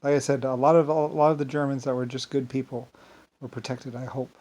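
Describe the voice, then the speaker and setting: Man of ordinary pitch, solo unscripted monologue; grandiose, wandering, circles back on himself. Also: flat delivery, fairly quick, darkish tone. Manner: grandiose, meandering, repeats himself. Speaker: solo speaker.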